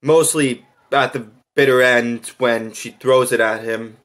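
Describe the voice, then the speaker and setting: A man reviewing a movie in a profane, exasperated rant, his pitch sitting in an ordinary middle range. He talks slowly and drags his words out between outbursts of swearing. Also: fairly even intonation, fairly bright tone.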